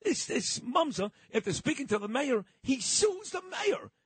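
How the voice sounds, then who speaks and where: A man's voice: very high-pitched, big pitch swings, measured pace, no echo. A middle-aged man hosting talk radio, brash and teasing, swearing freely and cutting in on his guest. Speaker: radio host.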